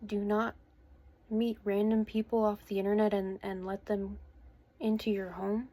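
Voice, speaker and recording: A woman's voice: medium pitch, level tone, mellow. Hesitant earnest woman in her twenties. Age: 20s. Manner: hesitant and earnest, with many pauses and restarts. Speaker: vlogger. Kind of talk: personal account to camera. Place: her bedroom at home.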